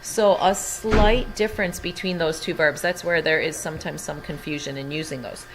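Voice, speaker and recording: A woman's voice: sits low, fairly even intonation, normal speed, noisy background. A woman teaching a Spanish lesson from home, patiently explaining each word in English. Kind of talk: recorded language lesson.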